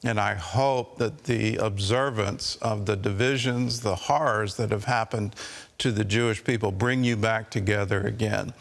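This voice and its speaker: Male host, gravelly voice, measured, news interview. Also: lowish voice, fairly even intonation.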